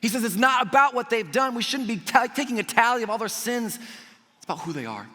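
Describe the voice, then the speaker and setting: A male pastor preaching a sermon in a conversational storytelling way, dropping to soft, earnest emphasis. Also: extremely high pitch, expressive, fast talker. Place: church auditorium. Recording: echoey church hall.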